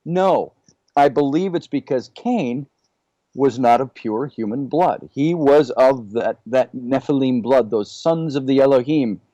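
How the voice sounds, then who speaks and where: A man speaks as a guest on a podcast, musing through big questions one after another in a relaxed, conversational way. His voice has a warm, mellow tone and sounds dry and close, with no room echo. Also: medium pitch, a little slow, dull audio. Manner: musing, poses many questions. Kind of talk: casual discussion.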